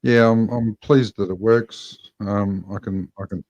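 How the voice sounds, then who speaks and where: A man's voice: fairly low pitch, fairly even intonation, measured pace, darkish tone, no echo. A man in a casual voice chat, easygoing and dry as he signs off to friends. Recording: dull lo-fi mic.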